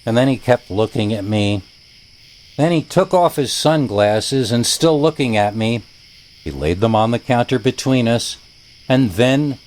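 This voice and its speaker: Man narrating a horror story with dry humor. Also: lowish voice. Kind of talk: scripted narration.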